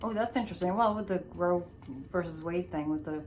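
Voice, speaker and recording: A woman's voice: lowish voice, fairly quick, darkish tone, a little hiss or hum. A woman hosting a psychic show, chatting loosely through a tarot reading with many restarts and asides. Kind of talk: casual tarot reading commentary.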